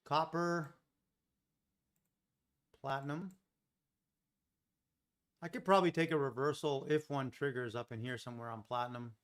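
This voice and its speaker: A man's voice: medium pitch, steady tone, moderate pace, long pauses. A man streaming live as a futures day trader, thinking aloud as he scans markets, questioning his own trade ideas with laid-back joking asides.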